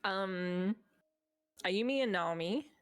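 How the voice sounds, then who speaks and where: A woman's voice: mid-range voice, slow pace, smooth, soft background music. A woman co-streamer chatting casually during a game stream, rambling with lots of fillers and laughing often.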